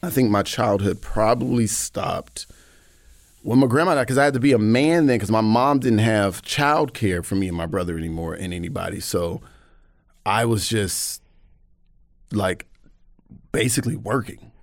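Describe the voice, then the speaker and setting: A man's voice: on the low side, moderate pace, dry recording. A man with an American accent, a podcast guest telling candid personal stories and acting out the people he quotes. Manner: animated storyteller who acts out quoted people. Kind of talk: candid podcast interview storytelling.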